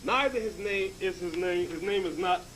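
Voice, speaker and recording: A man's voice: sits high, normal speed, fairly bright tone, slight background noise, low-quality recording. A man teaching in a lecture style, emphatic and checking in with the class by asking "okay?".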